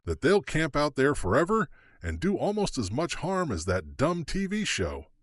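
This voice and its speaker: A man's voice: a little high, wildly swooping pitch, normal speed, dry recording, clean studio sound, pitched above the performer's own voice. A man reading the part of a female judge in an audiobook, speaking plainly and directly. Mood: wry. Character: female judge, tough and wry under pressure.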